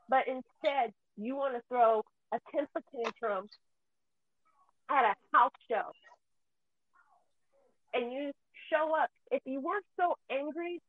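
A woman ranting with anger and deep feeling, swearing often, her voice near tears at times. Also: dry recording. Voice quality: profane, heated, voice near tears. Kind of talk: angry emotional rant. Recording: tinny phone-like sound.

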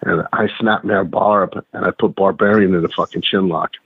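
A man's voice: deep voice, steady tone, moderate pace, husky, dry recording. A man, a guest and former pro wrestler, telling rambling, profane stories in casual chat with lots of restarts. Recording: tinny phone-like line, dry.

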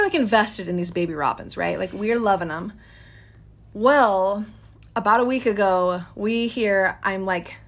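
A woman in her thirties telling a story in a casual, chatty way, addressing listeners as guys. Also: mid-range voice.

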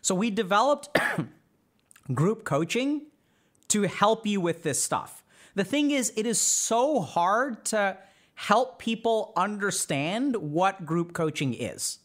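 A man's voice: high voice, expressive, slow pace. A man hosting a podcast, giving casual advice to a live chat, acting out imagined inner voices and often asking "right?". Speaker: podcast host, psychiatrist.

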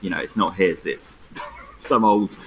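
A man in his thirties, a podcast producer on a video call, laid-back and husky in casual chat. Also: sits low, unhurried, fairly bright tone, a little hiss or hum, poor audio. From United Kingdom. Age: 30s. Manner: laid-back, chuckles often.

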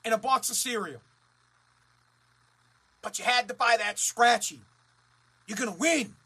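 A man from Massachusetts in a profane, heated rant who swears constantly, repeats himself and rises to shouting. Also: very high-pitched, measured pace. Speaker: ranting commentator.

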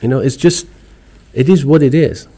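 A middle-aged man from Iran with an Iranian accent, talking as a podcast guest in an animated, emphatic way, with non-native phrasing. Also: medium pitch, moderate pace, breathy edge. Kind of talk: casual interview chat.

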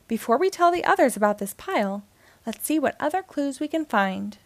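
A woman voicing a steady male cowboy doll who leads and reassures the others. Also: high voice, a little fast, no echo, pitched above the performer's own voice. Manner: reassuring, takes charge.

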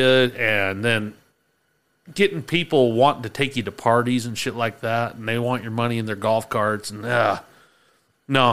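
A man's voice: mid-range voice, a bit bright, clean tone. A man in casual chat, laid-back, laughing often and swearing casually.

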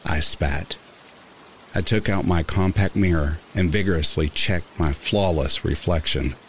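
A man reading a first-person horror story aloud in a measured, somber narration. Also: deep voice, a little hiss or hum. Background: rain sounds.

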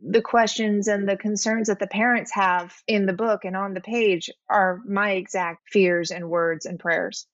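A woman's voice: medium pitch, steady tone, a little slow, few pauses, dry recording, muffled recording. A woman telling a personal story as a podcast guest, earnest and reflective. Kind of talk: heartfelt interview talk.

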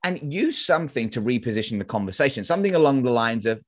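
A man, a sales consultant as podcast guest, telling animated stories in casual talk and acting out quoted lines. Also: medium pitch, fast talker. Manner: animated storytelling, acts out quotes; casual slang. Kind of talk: podcast interview.

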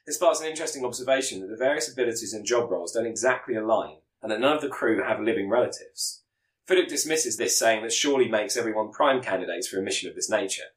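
Guy w a low voice reading a movie pitch off a script, trips over words now n then, roomy echo. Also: fast talker. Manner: reads with stumbles and self-corrections. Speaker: podcast co-host.

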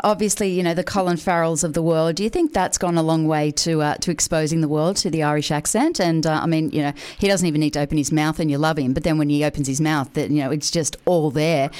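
A woman hosting a morning radio show, bubbly and animated as she asks questions. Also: deep voice, clean tone. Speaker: radio host.

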